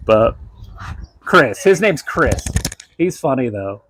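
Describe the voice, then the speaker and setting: A man with a fairly high voice tells stories loosely in a counseling session. He stumbles, restarts and laughs as he talks. The sound is dry and close, with no room around it. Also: sing-song, a bit bright, no echo, rough recording. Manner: rambling, halting, with many restarts and laughs. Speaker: counseling client and live streamer. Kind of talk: casual chat in a counseling session.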